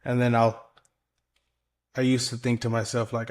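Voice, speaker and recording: A man's voice: medium pitch, monotone, normal speed, long pauses. A man in casual podcast conversation with an everyday mid-range voice. He rambles loosely, swears freely and leans on fillers as he thinks aloud. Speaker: podcast co-host. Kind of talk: casual chat.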